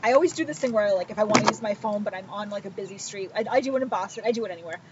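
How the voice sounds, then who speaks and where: A woman telling a story in casual chat, animated and sarcastic, acting out the people she quotes. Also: mid-range voice, very fast. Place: outdoors by a pool. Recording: muffled, noisy poolside recording.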